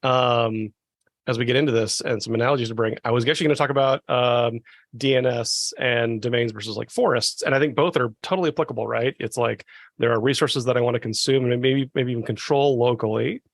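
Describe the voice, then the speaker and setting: A man talking as a podcast guest, quick and enthusiastic, correcting himself as he explains. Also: mid-range voice, fairly even intonation, no room sound. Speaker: guest, tech specialist. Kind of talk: casual podcast chat.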